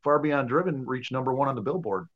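A man's voice: mid-range voice, expressive, fast talker. Blunt man on a dull, lo-fi line. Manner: blunt, opinionated. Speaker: podcast co-host. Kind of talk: casual chat.

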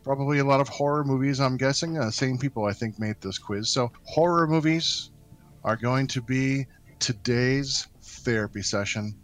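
A man runs a casual podcast quiz with his co-hosts. He jokes freely and slows into a theatrical read for the questions. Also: mid-range voice. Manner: playful, reads questions dramatically. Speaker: quiz host.

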